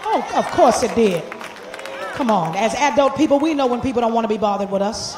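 High-voiced preacher shouting in an echoey church. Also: male voice, fairly quick, a crowd in the background, background noise. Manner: animated, shouting to a congregation, then dropping to quiet; joking, laughing asides in casual church slang. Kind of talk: sermon. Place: church sanctuary.

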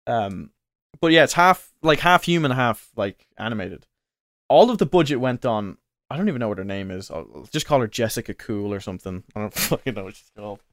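Co-hosting a casual podcast, a man rambles through a story full of fillers and restarts, animated and a little fast. His mid-range voice is a bit bright, and the studio sound is clean with no room sound.

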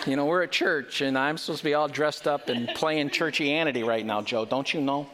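A man's voice: fairly high pitch, lively intonation, brisk, hardly any pauses, pushed and bright. Man, pastor, conversational sermon, rhetorical questions, church, echoey hall. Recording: reverberant hall.

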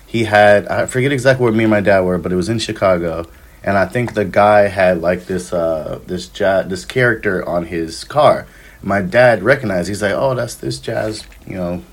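A man in his thirties, a podcast guest, telling travel stories in casual chat with lots of ums and likes. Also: low voice. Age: 30s. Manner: rambling, filler-heavy, acts out dialogue.

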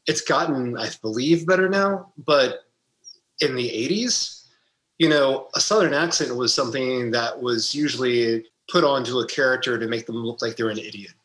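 A man in his forties co-hosting a podcast, offering reflective, measured opinions in casual chat. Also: mid-range voice, a bit bright. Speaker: podcast co-host. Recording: roomy echo.

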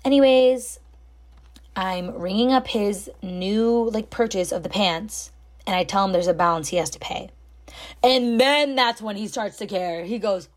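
Young woman, casual storytelling, chatty, lots of fillers, lively quoting. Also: mid-range voice, normal speed. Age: young adult. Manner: chatty, filler-heavy, animated when quoting people. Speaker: storytime host.

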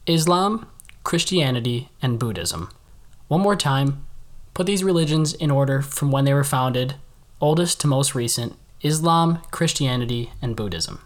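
A man hosting a casual trivia game, reading out each question slowly and repeating it. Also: mid-range voice, expressive. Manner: reads questions twice, slowly and deliberately.

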